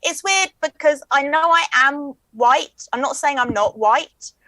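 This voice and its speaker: A woman, chatting as a comedian guest in a quick, wry, joking way. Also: sits high, sharp tone, dry recording, low-quality recording. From England. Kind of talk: casual chat.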